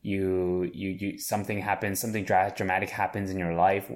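A man's voice: deep voice, little pitch movement, a little fast. A man in his thirties, a chef and business owner, answering interview questions earnestly with frequent restarts.

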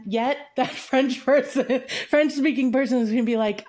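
A woman's voice: high-pitched, normal speed, darkish tone. A woman coaching a client and group, teaching in emphatic, repetitive phrases. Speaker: relationship coach. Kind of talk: coaching session talk.

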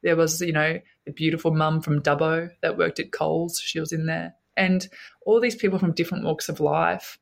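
A woman's voice: low voice, steady tone, normal speed, vocal fry. Aussie woman in her 30s telling her story, earnest, keeps repeating words. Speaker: guest. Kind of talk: personal story in an interview.

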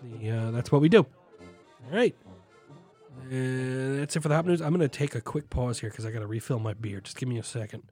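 A man's voice: mid-range voice, fairly quick, a little mellow, faint music behind. Rambling young man hosting a beer show. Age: young adult. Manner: rambling, self-deprecating, lots of fillers and restarts. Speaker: beer podcast host. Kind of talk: casual chat.

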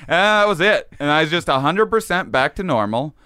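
A young man, a podcast guest, telling a story in casual chat, animated and laughing often as he acts out the voices of people in it. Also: a little high, brisk, no room sound, clean studio sound.

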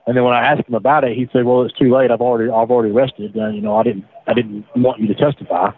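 A man, recounting his past in a halting way with repeated words, over the phone. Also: mid-range voice, steady tone. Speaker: interviewee, former defendant. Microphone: phone line. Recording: tinny phone line.

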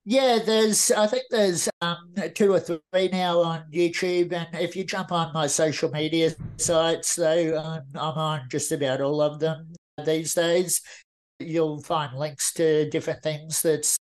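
A man in his forties speaks as a podcast guest. His voice sits a touch high for a man. He talks in an earnest, reflective way, often circling back to restart a thought. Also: fairly even intonation, measured pace. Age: 40s. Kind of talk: casual interview talk.

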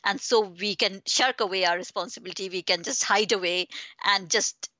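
A woman's voice: medium pitch, normal speed, pushed and bright, no echo, highs cut off. A woman author answering interview questions in an earnest, reflective way, building her points step by step.

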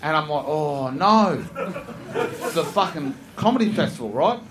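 A man's voice: a little high, big pitch swings, fast talker, a crowd in the background. A man, a comedian guest on a podcast, telling a long rambling anecdote with swearing and laughs between phrases. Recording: noisy podcast recording.

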